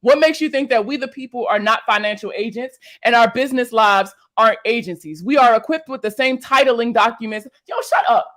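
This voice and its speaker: A woman's voice: a little high, fairly quick, hardly any pauses, fairly bright tone. A young woman, a finance creator, reacting to viewer comments in casual talk, blunt and exasperated, swearing and firing off rhetorical questions.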